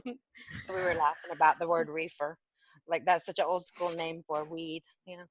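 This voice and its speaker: A woman's voice: deep voice, flat delivery, dry recording, low-quality recording. Chatty woman in a casual reading. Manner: chatty, joking, quick asides. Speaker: sitter in a reading. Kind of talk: casual chat.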